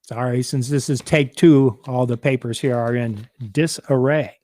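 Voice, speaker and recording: A man hosting a civics program, reading out and explaining a state constitution in a measured, deliberate way. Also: medium pitch, steady tone, warm tone, no echo. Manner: measured, deliberate, quotes documents aloud.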